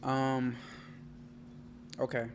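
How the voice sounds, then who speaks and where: A man's voice: medium pitch, monotone, drawn-out words. A man co-hosting a casual chat podcast, talking in a laid-back, slangy way that trails off and restarts. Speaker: podcast co-host.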